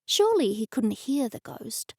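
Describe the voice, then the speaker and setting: A woman narrating an audiobook in the first person with clear, even storytelling, on a close studio mic. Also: on the high side, normal speed, no echo.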